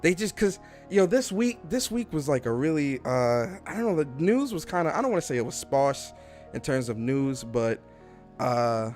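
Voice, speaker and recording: A man hosting a casual livestream podcast, animated, repeating himself and greeting the chat. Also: fairly high pitch, normal speed, soft background music. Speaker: podcast host.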